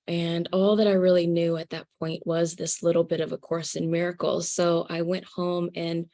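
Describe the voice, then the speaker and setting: A woman telling a personal spiritual story to an audience, earnest and halting, with fillers and soft laughs. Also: fairly low pitch.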